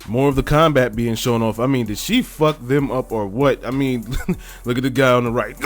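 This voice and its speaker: A man's voice: mid-range voice, moderate pace. Male host, chatty and joking, mid-range voice, light music under him. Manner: joking, chatty, laughs often. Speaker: video host. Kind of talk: casual trailer commentary.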